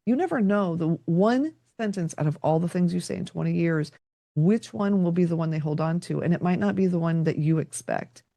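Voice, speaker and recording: Gravelly low woman telling stories. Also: fairly quick, warm tone, dry recording. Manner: reflective, tells stories with quoted dialogue. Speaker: podcast guest. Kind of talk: conversational interview.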